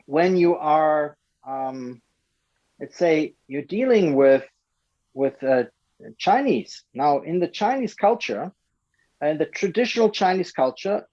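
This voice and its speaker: A man coaching a group in a lively way, acting out short quoted lines as he explains. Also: a little high, highs cut off.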